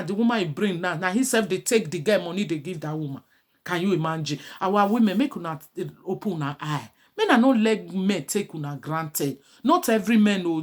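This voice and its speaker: Pleading woman, animated pitch. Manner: pleading, preachy, scolding. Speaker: vlogger. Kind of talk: impassioned advice monologue.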